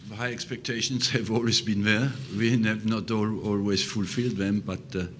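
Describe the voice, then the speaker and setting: An older man, a football manager, answering press questions slowly and hesitantly, with many fillers. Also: fairly low pitch, fairly even intonation, slight background noise.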